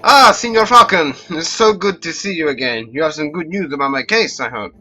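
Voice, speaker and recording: A man voicing a suave, theatrical male fox con artist with a smooth, grandly dramatic delivery, in a game. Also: medium pitch, brisk, pushed and bright, soft background music, close to an everyday voice, poor audio. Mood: flustered.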